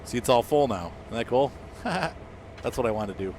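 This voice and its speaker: A man's voice: medium pitch, animated, moderate pace, a little mellow, slight background noise. A young American man chatting casually with viewers while playing a game, rambling with lots of fillers. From United States. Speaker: streamer. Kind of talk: casual gameplay chat with viewers.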